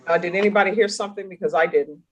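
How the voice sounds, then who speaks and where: A woman's voice: fairly low pitch, rapid-fire, highs cut off. A woman judge conducting a formal court hearing over video, firm and corrective in manner.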